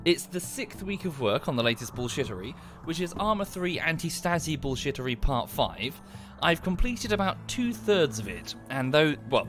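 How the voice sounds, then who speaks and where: A man's voice: fairly high pitch, fairly bright tone. A man chatting casually to viewers during a livestream, rambling and thanking them as he goes.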